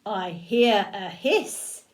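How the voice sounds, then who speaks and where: A big, slow-witted storybook monster, easily fooled, voiced by an older woman. He speaks slowly and drags out his words. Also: medium pitch, lively intonation. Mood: ponderous.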